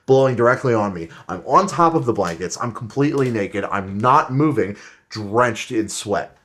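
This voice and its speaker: A man's voice: on the low side, animated, normal speed, a bit bright. Young man ranting in mock outrage. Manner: mock-indignant ranting, swearing. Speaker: podcast co-host, strongman competitor. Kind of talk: casual podcast chat with a comic rant.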